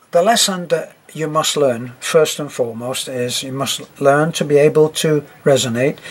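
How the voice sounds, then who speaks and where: An older man teaching storytelling, speaking reflectively with wry asides. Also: fairly high pitch. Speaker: narration teacher. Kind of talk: talk on narrating for children.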